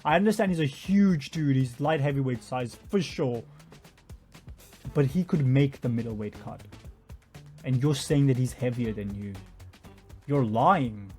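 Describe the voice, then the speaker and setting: A man's voice: mid-range voice, unhurried, long pauses, darkish tone, faint music behind. A man giving a profane, mocking commentary rant over interview clips. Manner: mocking, profane, does sarcastic impressions. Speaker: YouTube commentator.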